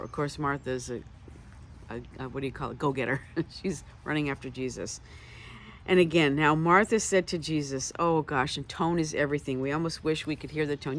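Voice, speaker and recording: A woman's voice: low-pitched, brisk, slight background noise. A woman teaching from the Bible, reading passages aloud and stopping often to add conversational comments. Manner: conversational, reads scripture aloud then adds asides.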